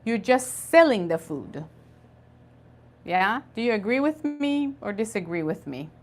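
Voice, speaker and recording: Woman teacher running an english class, fairly high voice, goes up and down a lot, spells words out slow. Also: sing-song. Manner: patient, spells words out and drills pronunciation. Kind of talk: online conversation class.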